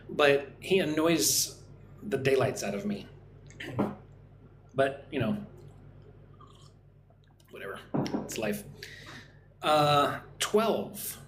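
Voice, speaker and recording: A man teaching an English lesson on a livestream, chatting with viewers and modelling pronunciation slowly, often asking "right?". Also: medium pitch, fairly bright tone, slight background noise. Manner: friendly, repeats "right?" often, slow careful modelling of words. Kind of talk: live-streamed English lesson. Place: home in Vietnam. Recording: echoey room with faint ambience.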